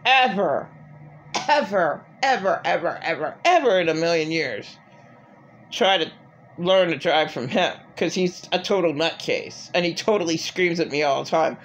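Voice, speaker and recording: A woman's voice: fairly low pitch, a bit bright, lo-fi sound. Rambling, agitated middle-aged woman. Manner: agitated, rambling, full of filler words. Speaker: vlogger. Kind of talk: rambling personal monologue.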